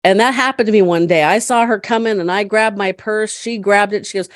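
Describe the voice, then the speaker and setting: A middle-aged woman, a podcast guest, chatting and telling stories in a lively way, laughing often. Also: medium pitch, brisk, dry recording, studio quality. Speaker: podcast guest, caregiver advocate. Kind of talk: storytelling in casual conversation.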